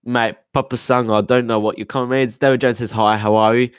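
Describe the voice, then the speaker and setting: A young man hosting a casual football live stream, excitable and rambling, swearing often and restarting his sentences. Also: medium pitch, fairly quick, smooth, no echo, clean studio sound. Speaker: football podcast host.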